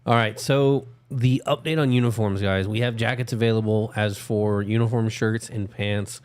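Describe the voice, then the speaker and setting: Relaxed low-voiced man chatting casually. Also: smooth. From desert region of the US. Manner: casual, laughs often, reads out updates with pauses. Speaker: co-host. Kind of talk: casual podcast chat.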